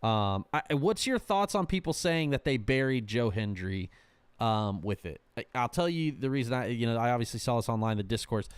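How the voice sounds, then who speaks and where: A man's voice: mid-range voice, animated, normal speed, clear, resonant tone, dry recording. A man hosting a podcast in casual chat, blunt and swearing freely, often trailing off with ums. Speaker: podcast host.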